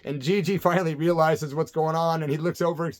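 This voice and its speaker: A man's voice: a little high, fairly even intonation, brisk. A man in his sixties telling rambling old tour stories in a casual, laid-back way, often tossing in "man". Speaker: storyteller recalling punk tours. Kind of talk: casual spoken-word storytelling.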